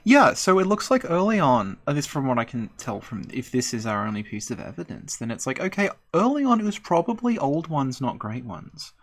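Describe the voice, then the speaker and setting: A woman's voice: a bass voice, sing-song, a little fast, hardly any pauses. A woman co-hosting a live stream, talking casually about game lore in a rambling, hesitant way with many fillers.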